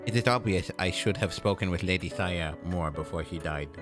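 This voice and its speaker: Brief: man voicing a monotone doll maid, stiffly polite, low voice. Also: normal speed, over music, natural voice. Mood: somber. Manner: flat, formal, courteous.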